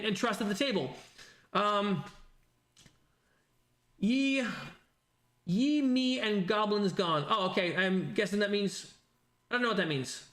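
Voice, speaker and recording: Male host, very high bright voice, casual reactive commentary, lots of restarts, echoey room. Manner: animated, exasperated, thinks aloud with many restarts. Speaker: channel host reading viewer comments.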